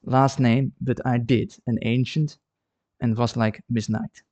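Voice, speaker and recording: Man, friendly live-stream chat, art studio, dry sound, mid-pitched voice. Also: little pitch movement, measured pace, a little mellow, no room sound. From Netherlands. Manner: friendly, chatty, repeats words while thinking. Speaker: ceramic artist streaming live. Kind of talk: casual livestream chat.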